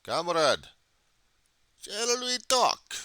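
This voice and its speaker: A man voicing a stern mock Soviet comrade in a fake Russian accent, slow and theatrical. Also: sits high, big pitch swings, bright, forceful tone, clean tone, no room sound, pitched above the performer's own voice, exaggerated voice.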